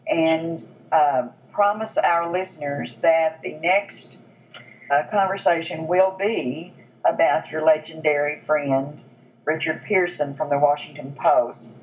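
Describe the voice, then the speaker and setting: A woman hosting a talk show, interviewing a guest and thanking him warmly and graciously. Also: deep voice, poor audio. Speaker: radio show host. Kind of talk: interview conversation.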